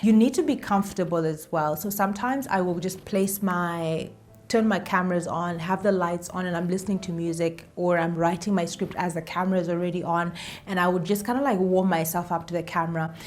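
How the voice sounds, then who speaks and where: Chatty woman vlogger, low voice. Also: fairly even intonation, brisk, darkish tone, soft background music. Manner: chatty, self-deprecating, repeats herself for emphasis. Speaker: YouTuber. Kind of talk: casual talk to camera.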